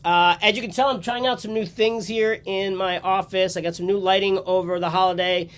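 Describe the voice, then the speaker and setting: A man's voice: high voice, steady tone, fairly quick, a bit bright. A man hosting a casual vlog from his home office, with a nasal, congested voice from a cold and an upbeat, rambling way of talking. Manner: upbeat, rambling with fillers and restarts. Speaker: host. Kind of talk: casual vlog talk to camera.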